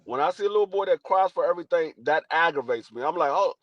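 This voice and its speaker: Older male co-host, high voice, lively storyteller, dull dry podcast sound. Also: quick pace, dry recording. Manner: animated storytelling. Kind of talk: casual chat.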